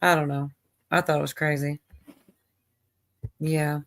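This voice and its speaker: A woman's voice: sits low, level tone, unhurried. A woman hosting a livestream, chatting loosely and rambling as she sets up a clip. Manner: rambling, chatty, self-deprecating. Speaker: livestream host. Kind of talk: casual livestream chat.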